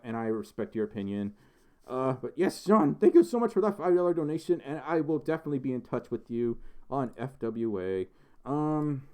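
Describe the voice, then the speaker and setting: Reading out viewer messages on his laid-back livestream, this young male host rambles, giggles, and keeps saying um and starting over. His voice is mid-range with a darkish tone.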